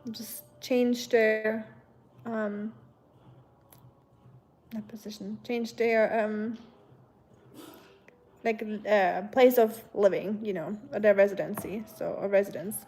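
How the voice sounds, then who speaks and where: A woman's voice: mid-range voice, steady tone, slow, pauses often, darkish tone, slight background noise. A young German woman with a German accent, chatting casually with viewers on her livestream, hesitant with many ums. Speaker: livestream host. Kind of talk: casual chat reading viewer comments.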